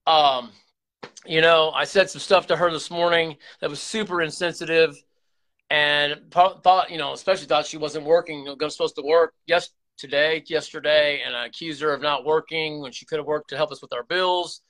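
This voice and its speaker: Man, confessional vlog talk, bright tense voice, slightly high, rambling restarts. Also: steady tone, normal speed. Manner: rambling, earnest, many restarts and repeated words. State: emotional, close to tears. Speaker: YouTube channel host.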